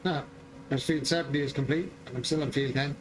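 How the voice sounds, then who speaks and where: A man's voice: mid-range voice, steady tone, brisk, slight background noise. An Irish man chatting casually while streaming a farming game, joking and repeating his lines with a chuckle. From Ireland. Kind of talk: casual gameplay chat. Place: home gaming room.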